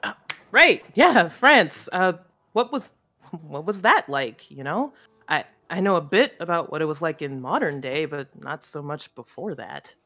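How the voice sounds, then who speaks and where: A man's voice: a little high, very animated, measured pace, pushed and bright, exaggerated voice. An actor playing a friendly young male stagehand who chats eagerly and casually.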